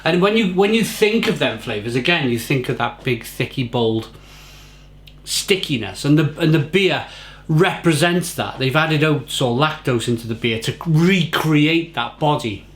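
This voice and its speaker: A man's voice: a little high, animated, unhurried. Effusive man reviewing beer. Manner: effusive, repeats words for emphasis. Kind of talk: casual review to camera.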